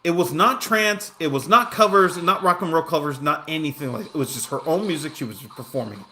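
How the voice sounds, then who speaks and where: A man's voice: fairly high pitch, a little fast, bright, forceful tone, a little hiss or hum. A man chatting casually on a livestream, telling a rambling story full of fillers and restarts while reacting to his game. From Southern California. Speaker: game streamer.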